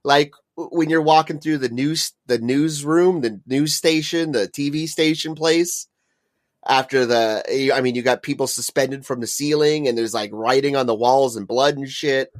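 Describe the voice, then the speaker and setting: A man co-hosting a casual podcast, relaxed and agreeable, and cursing now and then. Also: mid-range voice, moderate pace. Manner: laid-back, agreeable, profane. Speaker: podcast co-host.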